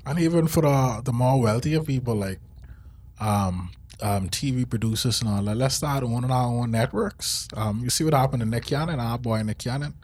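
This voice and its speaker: A man's voice: mid-range voice, normal speed, darkish tone. A man co-hosting a podcast, in casual joking chat with a rambling, laid-back manner. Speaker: podcast co-host.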